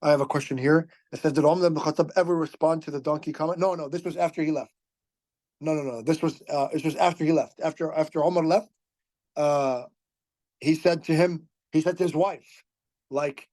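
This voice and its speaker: Animated male storyteller, mellow voice. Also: on the high side, normal speed, pauses often. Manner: animated retelling that acts out quoted dialogue; frequent restarts and repeated words. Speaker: podcast host teaching religious history. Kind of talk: storytelling lecture.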